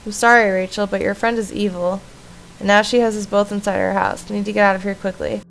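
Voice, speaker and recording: Frightened young woman escaped from a painting, warning in a slightly gravelly voice, read by a woman streamer. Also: mid-range voice, level tone, brisk, natural voice, low-quality recording. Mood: urgent. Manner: urgent, warning.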